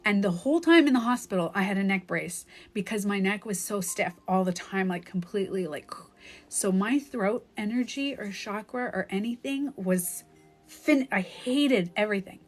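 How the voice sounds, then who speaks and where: A woman's voice: mid-range voice, normal speed. A woman life coach talks into her phone during a live stream. She tells her story candidly and emotionally, peppering it with "like." Faint music plays behind her.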